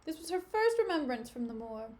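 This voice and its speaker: A woman's voice: sits high, big pitch swings, brisk, darkish tone. Lady's maid read out plainly in verse, by a woman. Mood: musing.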